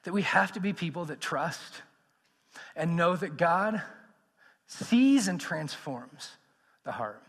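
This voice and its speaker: Animated man preaching in a reverberant hall. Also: on the high side, slow pace, pauses often, breathy edge. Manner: animated, swings from loud to hushed. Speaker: pastor. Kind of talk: sermon. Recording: long reverb of a large hall.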